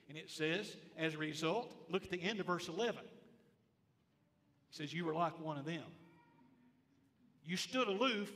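A man delivers a sermon from the pulpit, his voice high-pitched and bright. He presses each point by repeating it and quizzing the congregation. The church hall carries a long reverb behind him. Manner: emphatic, repeats phrases, asks the congregation questions. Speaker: pastor. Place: church sanctuary.

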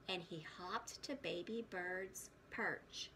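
A woman preschool teacher reading a picture book aloud to children, gentle and often hushed, stopping to ask questions. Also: mid-range voice, expressive, takes it slowly, gravelly, slight background noise.

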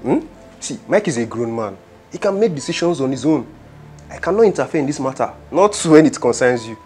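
A man's voice: mid-range voice, animated, brisk, darkish tone, soft background music, natural voice. An actor with a Nigerian accent playing a stern young man who scolds a woman firmly. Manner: scolding, firm. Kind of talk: Nollywood film acting.

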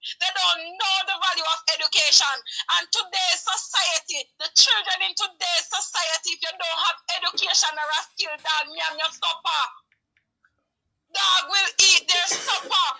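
A woman hosting a live stream, pleading and preaching with passion, often rising to shouts. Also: very high voice, fairly even intonation, normal speed, creaky, poor audio. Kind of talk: heated live-stream commentary.

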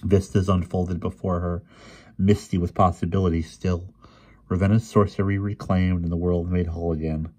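A man reading a fantasy novel aloud in a quiet, even storytelling manner. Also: deep voice, moderate pace. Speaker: reader. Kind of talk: audiobook reading.

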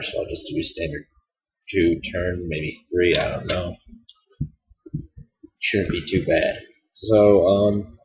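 A man hosting a game let's play, stuffed up and nasal, rambling and apologetic with a wry edge. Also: fairly low pitch. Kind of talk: casual game commentary. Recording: dull lo-fi home mic.

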